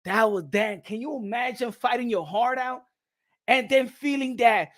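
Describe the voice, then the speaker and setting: A man giving casual boxing reaction commentary, excitable and profane, laughing often and repeating himself. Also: very high-pitched, moderate pace.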